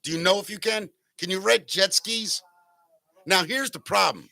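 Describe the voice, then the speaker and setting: A man's voice: high voice, moderate pace, vocal fry, bright, forceful tone, dry recording. A man hosting a casual talk show, telling a rambling, jokey story and correcting himself as he goes. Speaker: podcast host.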